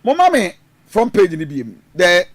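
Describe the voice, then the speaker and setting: A man's voice: high voice, huge pitch swings, moderate pace. A man with a Ghanaian accent giving rambling, hesitant political commentary, mixing in Twi phrases. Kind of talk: casual news commentary.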